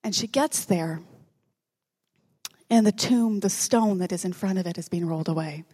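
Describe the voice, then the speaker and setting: A woman's voice: lowish voice, moderate pace, warm tone, slightly rough. A woman preaching a sermon in a conversational, joking manner, dropping to a whisper at dramatic moments.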